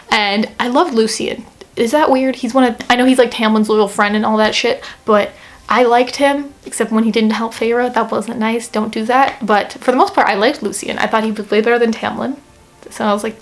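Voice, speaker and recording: A woman's voice: fairly high pitch, steady tone, moderate pace. A young woman talking casually to the camera as she reviews a book, chatty and gushing, with lots of fillers and playful mock-quotes.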